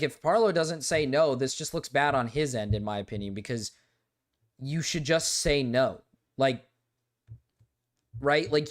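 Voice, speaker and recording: A young man hosting a live stream, talking casually in a rambling, exasperated way, full of "like" and repeated words. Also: a little high. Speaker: livestream host.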